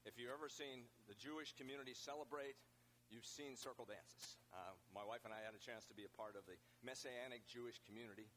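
A man preaching a sermon in a relaxed, conversational way, often restarting his phrases. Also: mid-range voice, a little fast, slight background noise, rough recording. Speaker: pastor.

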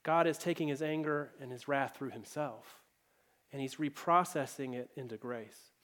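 A man's voice: medium pitch, normal speed, fairly bright tone. A man preaching a sermon as pastor, telling a story in a conversational way and acting out the people in it. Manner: conversational storytelling preacher, acts out quoted voices.

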